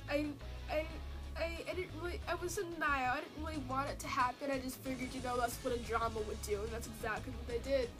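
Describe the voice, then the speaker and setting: A woman with a high voice and a stuffy, nasal tone from a cold talks through a drama she loved, emotional and rambling, full of fillers. Her voice comes through a tablet's built-in mic, with music plainly audible underneath. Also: steady tone, fast talker. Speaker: drama reviewer. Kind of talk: casual spoken review.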